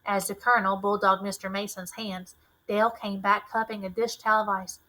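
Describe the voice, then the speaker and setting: A woman teacher reading a novel aloud in a clear, measured, expressive way. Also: mid-range voice, poor audio.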